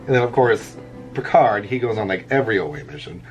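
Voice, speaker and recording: On lo-fi sound, a middle-aged man talks briskly with lively intonation in a voice on the low side. A vlogger, he rambles through a story while drawing, often chuckling at his jokes, with faint background music.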